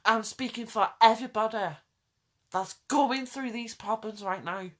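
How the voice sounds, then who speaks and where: Her voice sits on the higher side and she takes her time. Addressing viewers directly, the woman vlogger delivers an impassioned rant, begging them and restating lines to make them land.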